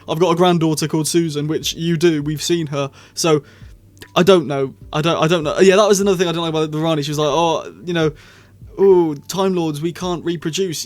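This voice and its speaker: A man giving a casual spoken review, rambling and excitable, often correcting himself mid-sentence. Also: high-pitched. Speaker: video reviewer.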